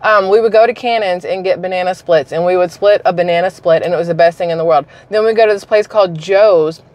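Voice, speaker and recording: A woman's voice: lowish voice, fast talker, darkish tone. A woman from South Carolina, a YouTuber giving casual news commentary in a chatty, blunt and digressive way.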